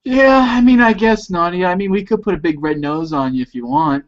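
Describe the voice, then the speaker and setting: A man's voice: high-pitched, a little fast. A man teasing and joking in a casual group chat over a video call. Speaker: participant in an online chat. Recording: muffled video call audio.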